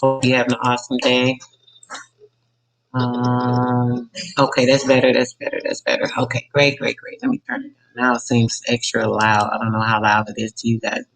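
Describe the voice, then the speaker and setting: A man's voice: mid-range voice, little pitch movement, normal speed, vocal fry, a bit bright, rough recording. Talkative man hosting a live stream. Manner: loose, talkative, fillers and self-corrections. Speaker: radio show host. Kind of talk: casual live-stream talk.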